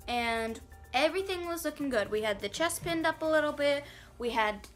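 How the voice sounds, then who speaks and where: A young woman vlogger telling a dramatic personal story, animated and acting out the quotes. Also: high-pitched, normal speed. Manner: animated storytelling, quoting others in acted voices. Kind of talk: storytime vlog. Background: faint background music.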